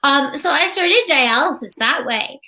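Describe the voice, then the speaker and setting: A woman's voice: high voice, lively intonation, a little slow, pushed and bright. A woman guest in an interview, chatting casually and acting out other people's lines as she tells stories. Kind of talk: casual personal storytelling.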